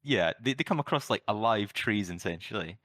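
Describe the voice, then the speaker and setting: A man in casual podcast chat, with a lowish voice and a dry, close sound. He talks about films loosely, swears a lot and laughs through his retellings. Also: animated, a little fast, a bit bright, no echo. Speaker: podcast co-host. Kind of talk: casual film review chat.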